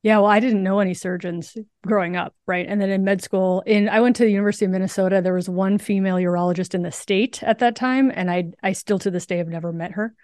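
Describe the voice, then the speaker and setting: A woman in her forties, a doctor being interviewed, telling her story quickly and animatedly, with many fillers. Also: mid-range voice, steady tone, a little mellow, dry recording, clean studio sound. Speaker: urologist and podcast guest.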